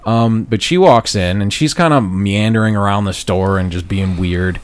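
A man co-hosting a casual chat show, telling a profane story and loudly acting out what people said. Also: fairly low pitch, normal speed. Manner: profane, animated storyteller, loud acted-out quotes.

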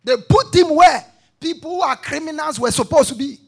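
A man preaching a sermon, reading scripture aloud and calling on the congregation to answer back, rising to shouts at the peaks. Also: extremely high pitch, lively intonation, normal speed. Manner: call-and-response, shouting at peaks.

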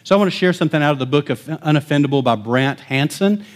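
Man preaching, hushed then booming. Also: lively intonation, fast. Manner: storytelling, swings from hushed to loud and emphatic. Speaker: pastor. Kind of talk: sermon with personal story.

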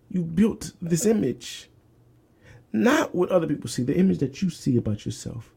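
Gravelly man preaching in whispers and swells. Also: on the high side, very animated, normal speed, mellow. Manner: emphatic, repeats phrases, dips to whispers. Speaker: podcast host. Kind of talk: preaching-style podcast talk.

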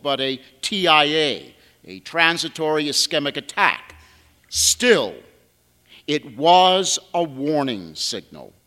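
A man's voice: a little high, bright, forceful tone. A man who is a priest, preaching a homily, telling a story with dry humor and lifting his voice on key words. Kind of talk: sermon. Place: large church. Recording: long church reverb.

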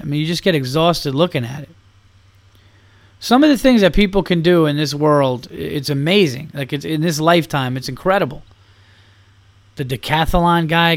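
Profane ranting male podcast host. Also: fairly high pitch. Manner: rambling, profane, animated ranting. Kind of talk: comedic monologue.

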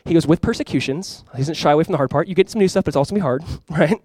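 A male pastor delivers a sermon at a quick clip, his voice sitting a little high for a man. He preaches in a conversational, emphatic way, with asides and direct appeals to his listeners. The sound is close and dry, with little room echo. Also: a little mellow. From California.

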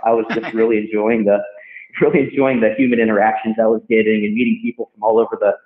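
A man, a hotel general manager, talking casually in an interview, rambling with many restarts. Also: fairly low pitch. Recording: tinny phone-line sound in an echoey room.

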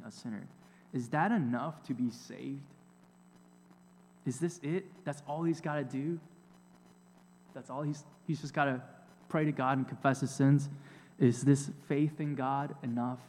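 A man preaching a sermon, slow and deliberate, with emphatic repetitions and rhetorical questions. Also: mid-range voice, a little mellow, a little hiss or hum. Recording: long hall reverb.

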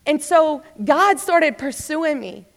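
A woman in her thirties giving a personal testimony, telling her story in an animated way and acting out her own past thoughts. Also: high voice, slow pace. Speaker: speaker sharing her testimony. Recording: long hall reverb.

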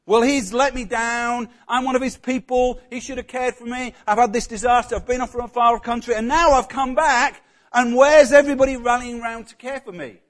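A man's voice: extremely high pitch, little pitch movement, brisk, fairly bright tone. A man putting on a bitter moaning widow. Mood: aggrieved moaning. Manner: moaning, aggrieved whine. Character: bitter complaining older widow, woman.

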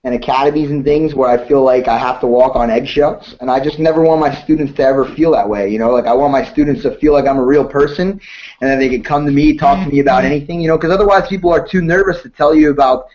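A man's voice: mid-range voice, fairly even intonation, fast, darkish tone, muffled recording. A man, a jiu-jitsu instructor, chatting casually on a podcast and telling stories with frequent laughter. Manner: laughing, rambling storyteller.

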